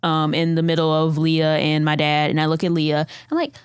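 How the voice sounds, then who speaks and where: A woman playing a tabletop role-playing game, drawing out her lines playfully and jumping high when she speaks in character. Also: completely flat delivery, smooth, no room sound, studio quality. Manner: playful, slow, drawn-out character voice with high squeaky lifts. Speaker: player.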